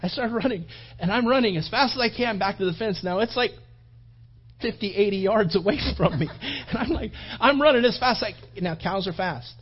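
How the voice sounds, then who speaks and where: A man preaching a sermon, telling a personal story in an animated way and acting out his own thoughts. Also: sits high, a little fast, husky, muffled recording. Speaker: pastor.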